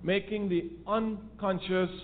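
A man with a fairly high voice delivers an emphatic political lecture, hammering home points by repeating them. His voice comes through a thin, tinny phone line with a faint hiss of noise behind it. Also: fairly even intonation, takes it slowly. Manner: emphatic, repeats key phrases for stress.

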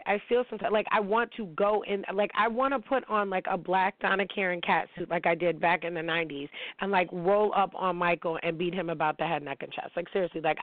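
A woman's voice: on the low side, no echo. Woman in her forties, talk host, profane heated rant, tinny narrow sound. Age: 40s. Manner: brash, profane, heated and emphatic. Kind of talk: profane rant on celebrity gossip. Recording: tinny phone-like line, dry.

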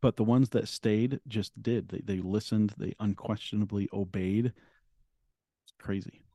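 A man in his forties, a podcast guest, telling a personal story earnestly, halting and restarting often. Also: fairly low pitch, fairly even intonation, dark tone, no room sound, studio quality. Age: 40s.

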